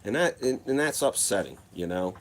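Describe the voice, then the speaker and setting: A man's voice: medium pitch, moderate pace. A man, casually telling a wild personal story. His telling is profane and rambling, full of acted quotes. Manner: profane, rambling, animated retelling.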